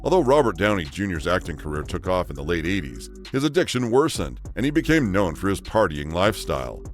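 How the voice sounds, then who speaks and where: Deep-voiced male narrator, lively reading. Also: fairly quick, faint music behind. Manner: reads a celebrity countdown script. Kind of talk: scripted documentary narration.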